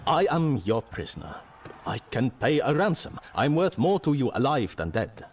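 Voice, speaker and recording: A man voicing a proud defeated lord who surrenders and offers a ransom, in a husky voice. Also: mid-range voice, sing-song, moderate pace. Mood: yielding.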